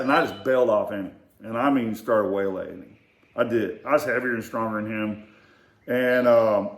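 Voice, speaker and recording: An older man casually telling family stories, in a rambling, halting way with many fillers and restarts. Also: mid-range voice. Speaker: storyteller. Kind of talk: casual storytelling. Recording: echoey room.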